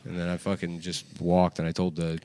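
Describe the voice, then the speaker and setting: A man's voice: low-pitched, completely flat delivery, fairly quick, dark tone, dry recording. A man hosting a casual comedy chat, telling a profane story full of fillers and restarts. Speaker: comedy podcast host.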